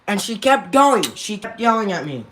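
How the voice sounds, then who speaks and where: A man's voice: high voice, sing-song, moderate pace, sharp tone. A young man vlogging casually at home, rambling and getting worked up as he complains. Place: bedroom at home.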